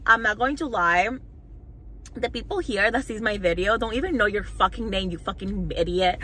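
A woman's voice: on the high side, sharp tone, rough recording. A young woman vlogger telling a storytime rant to camera, heated, mocking and full of swearing.

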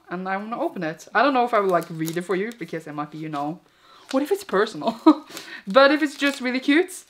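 Excitable giggly young woman. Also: medium pitch, slight background noise. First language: Norwegian. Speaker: vlogger. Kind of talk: casual vlog chat.

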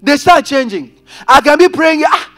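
A man preaching a sermon as pastor, calling out to his congregation and swinging between loud emphasis and quiet asides. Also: very high voice, expressive, normal speed, faint music behind. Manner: preaching with rising and falling intensity, addressing congregation directly. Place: church.

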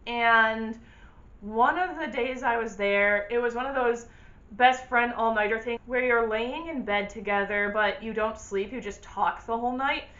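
Young woman vlogger, bright voice, high-ish, blunt storyteller, dull lo-fi sound. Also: measured pace. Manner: animated, candid, blunt. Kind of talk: casual storytelling to camera.

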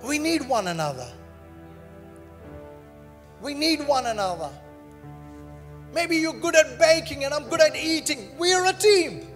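Male pastor, very high voice, emphatic repetitive sermon with joking asides; long church reverb, soft music under. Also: lively intonation, a little slow, pauses often. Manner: emphatic, repetitive preaching with frequent "Amen"; conversational and humorous asides to the congregation. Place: church sanctuary.

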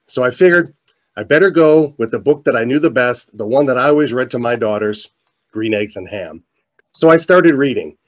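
A middle-aged man telling a story in a keynote talk, animated, his voice climbing as he gets excited. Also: medium pitch, moderate pace. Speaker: motivational speaker. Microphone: presentation mic, virtual showcase.

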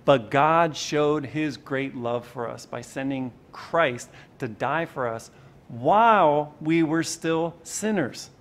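Man preaching an animated sermon. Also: fairly high pitch, slow pace. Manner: conversational and animated, shifting loudness for emphasis. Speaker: pastor.

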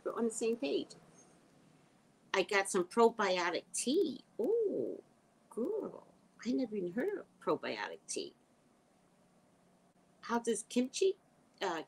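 Husky slow-talking woman chatting live. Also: mid-range voice, poor audio. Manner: chatty, reacts aloud to comments, drops into whispers. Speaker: livestream host reading viewer comments. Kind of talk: casual live chat.

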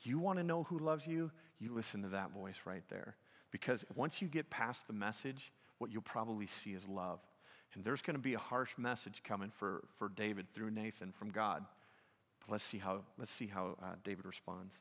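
A man preaching a sermon as pastor, telling a story with rising, emphatic delivery that swings high and loud at dramatic points. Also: moderate pace, in a large hall.

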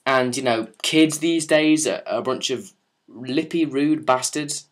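A man's voice: mid-range voice, a little slow. A young man telling a story and answering viewer questions in a casual, rambling, sarcastic way, often swearing and restarting. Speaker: vlogger.

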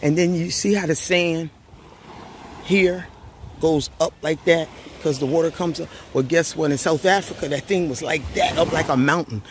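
Guy vlogging by the beach, kinda high voice, laid back storytelling. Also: normal speed, slight background noise. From Grenada. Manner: relaxed, storytelling, uses y'all and repeats phrases. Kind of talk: casual vlog chat. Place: outdoors at a beach.

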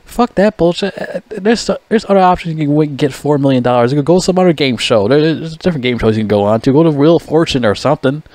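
A man's voice: a little high, expressive, quick pace, hardly any pauses, darkish tone, no echo. A man ranting about a TV show, swearing constantly, mocking the contestants and stumbling over his words. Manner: profane, mocking, puts on whiny voices. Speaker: vlogger. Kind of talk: ranting commentary.

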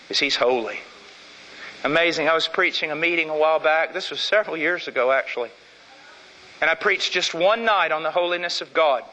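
A man's voice: on the high side, sharp tone, big-room sound, slight background noise, low-quality recording. A man preaching a sermon, emphatic, repeating key phrases to drive them home.

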